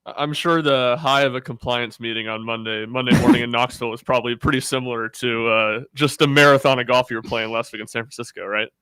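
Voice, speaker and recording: Smooth-voiced radio co-host, halting. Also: male voice, mid-range voice, steady tone, bright, forceful tone, dry recording. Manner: measured, halting, with many fillers. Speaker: sports radio co-host, team reporter. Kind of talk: casual sports radio talk.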